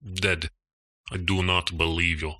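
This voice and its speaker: A man's voice: sits low, level tone, a little slow, pushed and bright, no echo, studio quality. An actor playing a menacing Russian mob henchman who speaks in broken English with a Russian accent, cold and cryptic. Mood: cold menace. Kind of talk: comedy audio drama.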